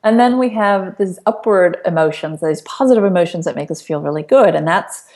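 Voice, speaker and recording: Earnest woman telling her story, low voice. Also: expressive, a little fast, a little mellow. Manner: earnest, many fillers and restarts. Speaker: guest. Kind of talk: conversational storytelling.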